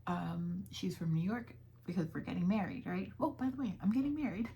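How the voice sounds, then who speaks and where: Chatty young woman with gravelly fry. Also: fairly low pitch, animated, fairly quick, mellow, dull audio. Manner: chatty, with fillers and quoted dialogue. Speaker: crochet vlogger. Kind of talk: casual chat.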